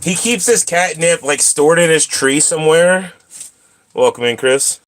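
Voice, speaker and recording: A man's voice: fairly high pitch, a little slow, a bit bright, no room sound. Playful man chatting to cats. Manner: talks to his cats in a playful sing-song, voices their thoughts. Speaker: streamer hosting a claw-machine game. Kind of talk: casual live-stream chat.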